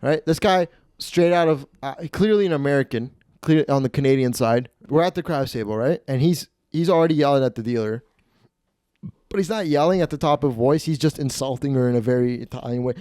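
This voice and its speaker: A man's voice: medium pitch, a little fast, a little mellow, clear, resonant tone, dry recording, clean studio sound. A man hosting a podcast, telling a rambling, profane comedy story. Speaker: podcast host.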